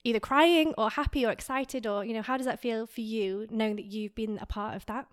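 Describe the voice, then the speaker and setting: Speaking a little fast in a higher-pitched voice, a female podcast co-host relates an emotional story. She is on the verge of tears and keeps saying "like."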